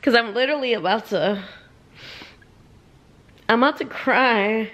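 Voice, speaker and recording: A woman vlogging about her reading in a casual, animated way, blunt and profane, with frequent laughs. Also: fairly high pitch, unhurried. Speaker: book vlogger. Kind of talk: casual reading vlog chat.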